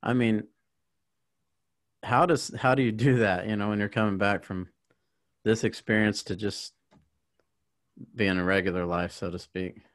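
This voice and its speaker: A man's voice: on the low side, steady tone, measured pace, pauses often, no room sound, clean studio sound. A man hosting a podcast, asking a thoughtful question of his guest. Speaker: podcast host. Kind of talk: interview question.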